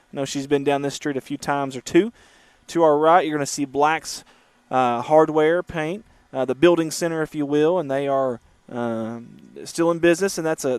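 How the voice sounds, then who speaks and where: A man's voice: on the high side, clear, resonant tone, no echo. A man hosting a casual livestream from a moving car, chatting and reading viewer comments aloud. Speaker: livestream host. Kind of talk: casual driving livestream chat.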